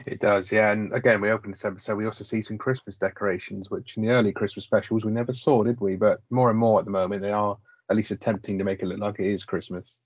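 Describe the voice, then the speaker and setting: A man's voice: lowish voice, level tone, fast talker, no echo. A man co-hosting a podcast, chatting loosely about a sitcom with plenty of "like" and casual swearing. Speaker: podcast co-host. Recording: slightly muffled lo-fi audio.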